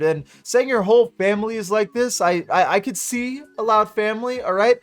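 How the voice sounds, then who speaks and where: A man's voice: sits high, moderate pace. A man hosting a react channel, giving sarcastic casual commentary with swearing. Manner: sarcastic, swearing, laughs between words.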